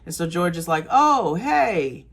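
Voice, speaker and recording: A man co-hosting a podcast, telling a story casually and acting out the people in it, with bursts of loud laughter. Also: fairly high pitch, big pitch swings, unhurried. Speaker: podcast co-host.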